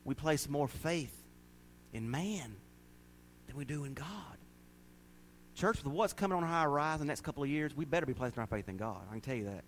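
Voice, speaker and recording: Man, pastor, sermon, folksy, builds to shouting, faint hum. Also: on the high side, lively intonation, fairly quick, pauses often. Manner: folksy, rising to shouted preaching.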